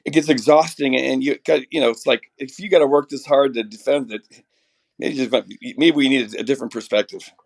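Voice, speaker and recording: A middle-aged man with a raspy voice from a chest cold, earnestly explaining theology as a podcast guest, restarting his sentences often. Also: mid-range voice, fairly quick. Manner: earnest, builds ideas with many restarts.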